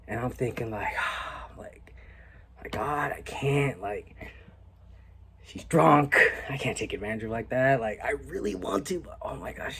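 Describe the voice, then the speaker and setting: A young man casually telling a story on his vlog, animated and laid-back, with a lot of "like" and some swearing. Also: lowish voice, slight background noise. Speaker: vlogger.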